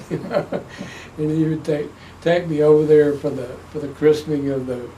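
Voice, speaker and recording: An older man tells family stories in an animated, rambling way, often restarting his sentences. His voice sits a little high for a man. He is recorded from some distance, with a faint hiss behind him. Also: measured pace. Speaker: interviewee. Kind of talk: oral history storytelling. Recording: distant mic with faint background noise.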